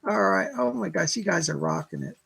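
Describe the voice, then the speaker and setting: A man giving a live-streamed psychic reading in a bright, tense voice with a gravelly edge. He talks chattily, thanking viewers and passing on messages with endless "she said" asides. His tone is somewhat husky. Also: on the high side, huge pitch swings, a little fast. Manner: chatty, relays spirit messages with constant "she said"; warm thanks to viewers for donations.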